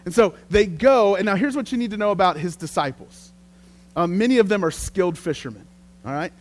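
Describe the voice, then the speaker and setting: A man preaching a sermon as pastor, telling the story in a lively, conversational way. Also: high-pitched, fairly quick.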